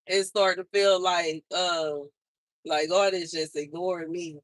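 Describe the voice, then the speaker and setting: A woman's voice: lowish voice, fairly even intonation, measured pace, no room sound. A young woman hosting a livestream, venting in a frustrated, repetitive and emphatic way. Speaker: livestream host.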